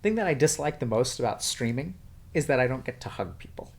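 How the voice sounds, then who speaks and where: A man with a measured, questioning way of talking leads a counseling-style conversation. He stops to think and then asks direct, probing questions. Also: medium pitch, very animated, vocal fry. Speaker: psychiatrist guest.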